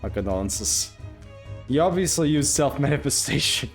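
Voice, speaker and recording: A man's voice: mid-range voice, animated, moderate pace, faint music behind. A man streaming a video game live, chatting casually, joking and laughing as he talks back to his viewers. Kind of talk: casual live gameplay commentary.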